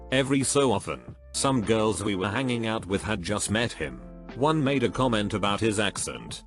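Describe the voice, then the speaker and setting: A man reads online posts aloud as a scripted narration. His voice sits a little low, and his delivery is steady and even. Faint music plays beneath him.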